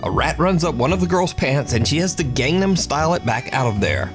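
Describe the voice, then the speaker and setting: A man's voice: on the high side, sing-song, brisk. A man giving scripted narration of scary video clips, with a dramatic storytelling delivery. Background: music.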